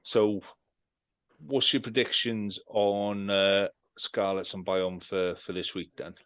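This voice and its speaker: A man's voice: low voice, flat delivery, slow pace, fairly bright tone, clear, resonant tone, no echo, rough recording. A man hosting a rugby podcast, chatting casually, joking and swearing freely as he runs through predictions. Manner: jokey banter, runs the segments, swears freely. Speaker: podcast host. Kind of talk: casual chat.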